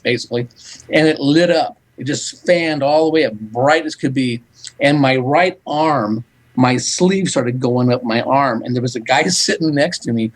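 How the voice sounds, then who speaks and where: A man talking as a psychic medium guest, recounting events in animated storytelling and quoting back-and-forth dialogue. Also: a little high, poor audio. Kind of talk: storytelling in a radio interview.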